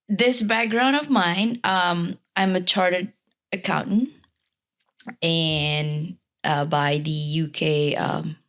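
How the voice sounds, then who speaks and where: A woman from Malaysia, a lively podcast guest who laughs easily and talks in quick asides. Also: lowish voice. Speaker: podcast guest, life coach. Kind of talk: casual interview chat.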